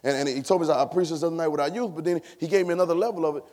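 A man preaching a sermon in church, repeating phrases and building to shouts. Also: fairly high pitch, rapid-fire. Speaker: pastor. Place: church sanctuary.

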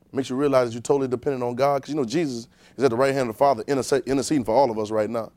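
A man's voice: fairly even intonation, very fast, no echo. Man preaching a loose, conversational sermon. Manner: informal, talks directly to the congregation, swings between low and loud emphasis.

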